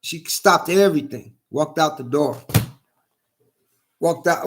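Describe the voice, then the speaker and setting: A man's voice: a little high, slow pace, fairly bright tone, slight background noise. A man delivering a heated, indignant vlog monologue, repeating himself and swearing often. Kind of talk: angry personal vlog monologue.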